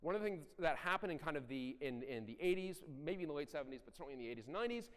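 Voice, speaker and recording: A middle-aged man giving a conference talk, animated and blunt, with self-deprecating asides and occasional profanity. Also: fairly high pitch, racing. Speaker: conference speaker. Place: large conference hall. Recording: echoey hall.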